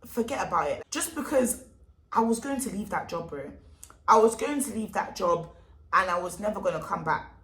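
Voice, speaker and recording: A young woman telling a storytime vlog, animated and emphatic, full of street slang. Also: medium pitch, moderate pace. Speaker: vlogger. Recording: echoey room.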